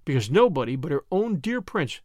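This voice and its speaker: A man's voice: on the high side, big pitch swings, fairly quick, no echo, studio quality. A man reading an audiobook, voicing a dreamy, romantic young woman who speaks in earnest, storybook phrases.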